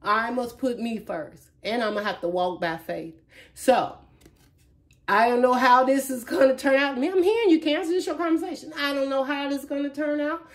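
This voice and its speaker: Lady voicing a tired heartbroken woman, high voice, saying she's done and moving on. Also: a little fast. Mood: resolute. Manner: earnest, resolute first-person confiding. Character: heartbroken woman resolving to move on.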